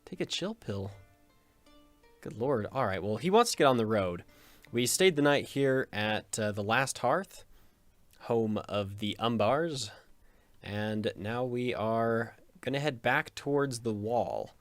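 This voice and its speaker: Joking, rambling man with a lowish voice. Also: no echo. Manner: joking, rambling, self-interrupting with chuckles. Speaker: gaming video host. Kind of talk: casual let's play commentary.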